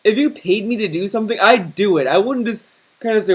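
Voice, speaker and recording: A man's voice: high-pitched, quick pace, darkish tone, slightly rough. Indignant man ranting over a clip. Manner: indignant ranting, mocking quotes. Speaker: commentary YouTuber. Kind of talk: critical commentary.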